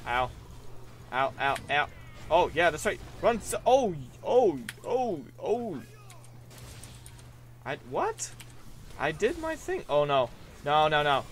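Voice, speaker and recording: A young man giving goofy, self-mocking commentary while he plays a video game and answers viewer questions, often breaking into high yelps. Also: very animated, measured pace, long pauses, a bit bright, slight background noise. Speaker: gaming vlogger. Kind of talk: gameplay commentary with Q&A.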